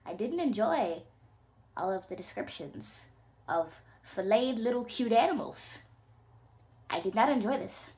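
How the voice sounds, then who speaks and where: A woman podcast host rants about a book she disliked, swearing freely and dripping with sarcasm. Her voice sits fairly high and swings widely in pitch. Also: measured pace, pauses often. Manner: animated, profane and sarcastic. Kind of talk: casual book-review rant.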